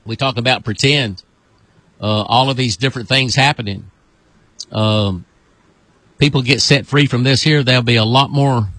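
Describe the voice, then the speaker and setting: A man, a pastor, leading a deliverance prayer with commanding repeated calls and sudden high whoops. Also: fairly bright tone, no room sound.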